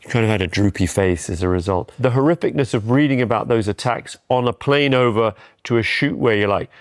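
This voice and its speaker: A man's voice: lowish voice, a little fast, no room sound, studio quality. A man in his fifties, a documentary filmmaker, telling wry self-deprecating anecdotes in a casual interview. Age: 50s.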